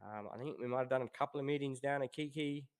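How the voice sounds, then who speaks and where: A man in his thirties with a New Zealand accent, chatting as a guest about his racing past in a relaxed way. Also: medium pitch, fast talker, clear, resonant tone. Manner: relaxed, laid-back, says "obviously" and "um" often. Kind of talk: casual interview chat.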